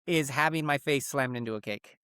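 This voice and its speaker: A man's voice: medium pitch, fairly quick, clean tone, no room sound, clean studio sound. A Mexican-American man in his thirties, a podcast co-host telling stories in casual chat, swearing freely and acting out what others said. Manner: animated storyteller, acts out quotes, swears freely.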